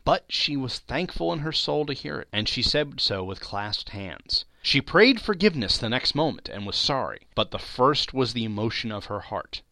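A man giving a dramatic reading of a classic novel, telling the story with lively expression. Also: medium pitch, moderate pace, creaky, hardly any pauses, no echo. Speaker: reader.

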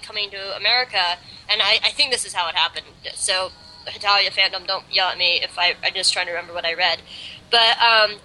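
A woman's voice: mid-range voice, bright, forceful tone, a little hiss or hum, poor audio. A young woman co-hosting a casual chat, rambling and giggly with lots of fillers. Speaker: podcast co-host.

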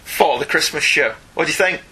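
A man's voice: on the high side, fairly quick, bright, forceful tone, slightly rough. A man co-hosting a comics podcast, chatty and jokey, laughing often as he reads listener emails. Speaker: podcast co-host. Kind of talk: casual chat, reading listener emails.

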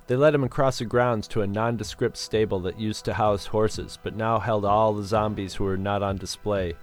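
Man, audiobook narration, low voice, dry storytelling, faint music behind. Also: fairly even intonation, moderate pace, hardly any pauses.

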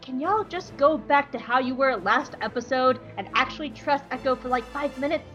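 A woman's voice: high voice, moderate pace, a bit bright, faint music behind. Woman doing a drawling clone captain. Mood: pleading. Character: laid-back, drawling male clone captain.

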